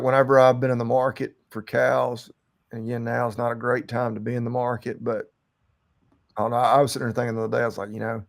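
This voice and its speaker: A man co-hosting a podcast, a cattle rancher in casual chat, relaxed and rambling with lots of fillers and restarts. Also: medium pitch, gravelly.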